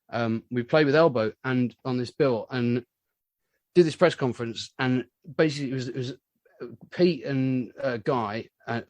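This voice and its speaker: A man in a casual interview, a musician who rambles through his stories with lots of asides. His voice sits mid-range and sounds close and dry. He gets animated whenever he quotes other people. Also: mid-range voice, no echo. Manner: rambling storyteller, animated when quoting others. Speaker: musician guest.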